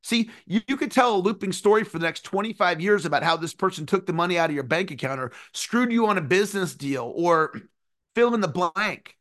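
Animated higher-voiced man teaching. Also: brisk. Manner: earnest, animated, sings phrases. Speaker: success coach. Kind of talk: motivational teaching talk.

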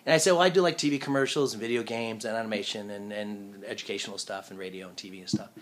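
A man talking loosely in an interview about his voice work. He tells anecdotes in an easy, mid-pitched voice and jumps into the voices of the people he quotes. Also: fast talker, slight background noise. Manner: animated storyteller, acts out quoted voices. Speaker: voice actor, guest. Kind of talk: casual interview chat. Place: living in Japan.

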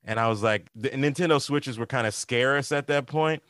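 A man's voice: mid-range voice, normal speed, a bit bright, no echo, clean studio sound. A man hosting a casual podcast, a stand-up comic who rambles and corrects himself with many fillers.

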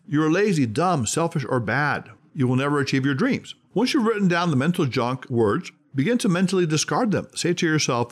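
A man hosting a self-help podcast, reading a script in an emphatic, measured way and slowing down on key words. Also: fairly high pitch, very animated.

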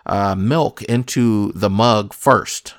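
A man with a slightly low voice chats casually and jokingly. He plays it mock-serious and keeps tossing questions at his co-host. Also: slow pace. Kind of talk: casual comedic chat.

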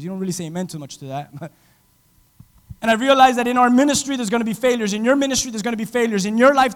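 A man preaching a sermon as pastor, dramatic, swinging from loud to hushed and acting out quotes. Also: sits high, big-room sound. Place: church.

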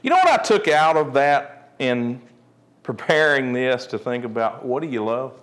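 A man preaching a sermon, swinging between joking asides and quiet, earnest points. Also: medium pitch, moderate pace. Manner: animated preaching, jokey asides, drops to quiet earnest tones. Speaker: pastor.

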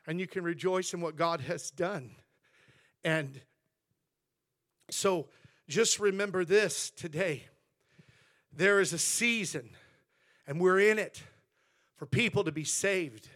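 A man's voice: high-pitched, slow pace, long pauses, fairly bright tone. A male pastor preaching a sermon in church, telling stories in an earnest way.

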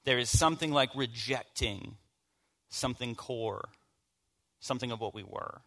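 A man from the American South preaching a conversational sermon, moving from hushed storytelling to emphatic points. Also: medium pitch, normal speed. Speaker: pastor.

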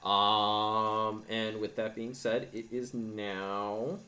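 A man narrating as game master of a tabletop game, unhurried and pausing with ums. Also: lowish voice, little pitch movement, bright, forceful tone, slight background noise.

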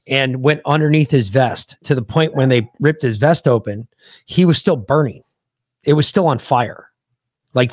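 A man from the United States hosts a podcast and tells a war story bluntly, with plenty of swearing. His voice sits at a middle pitch for a man. The sound is dry and close, with no room in it. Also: dry recording. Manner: blunt, profane, animated retelling of combat. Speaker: podcast host. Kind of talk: casual storytelling.

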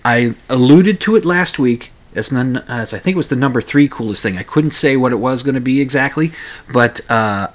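A man's voice: mid-range voice, a bit bright. A man hosting his own radio talk show, rambling casually with many hesitations, fillers and restarts.

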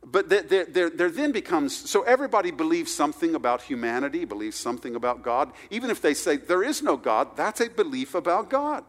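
A man preaching a sermon, swinging between loud, stressed points and hushed, quiet asides. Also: fairly high pitch, lively intonation, brisk, few pauses. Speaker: pastor. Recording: reverberant hall recording.

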